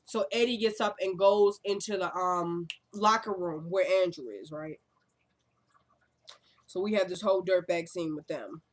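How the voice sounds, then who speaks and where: A woman's voice: lowish voice, a little slow. A woman recapping a TV episode in a casual, chatty way, sassy and rambling with frequent asides.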